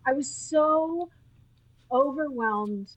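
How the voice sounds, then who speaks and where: A woman from Utah, a nurse, telling animated stories as a podcast guest, often laughing and acting out what people said. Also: high voice, drawn-out words, rough recording. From Utah, USA. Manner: animated, laughing, acts out quoted speech. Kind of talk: casual interview storytelling.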